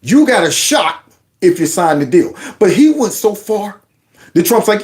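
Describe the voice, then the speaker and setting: A man hosting a casual political commentary channel, animated and mocking, in loose slang. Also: high voice, normal speed.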